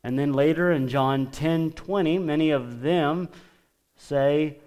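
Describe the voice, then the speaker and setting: A man preaching a sermon, emphatic and deliberate, pausing often and lifting his voice when quoting scripture. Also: a little high, a little mellow. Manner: lifts his voice for quoted scripture.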